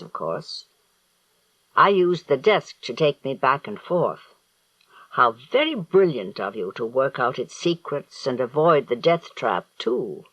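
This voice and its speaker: A man's voice: fairly high pitch, bright, forceful tone, dry recording, full character voice, rough recording. A man reading an audiobook, voicing a cold, vengeful evil sorcerer with a harsh, grating voice. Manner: slow, menacing, gloating.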